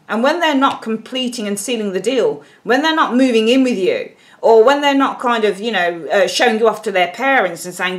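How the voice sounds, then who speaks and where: A woman giving a casual tarot reading, blunt and animated, and she swears freely. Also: mid-range voice, moderate pace, hardly any pauses. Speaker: tarot reader.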